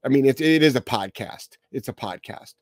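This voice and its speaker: Brief: male podcast host and dog trainer, blunt and forceful, cursing freely, mid-pitched, dry close sound. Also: lively intonation, moderate pace, no room sound. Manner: blunt, profane, emphatic.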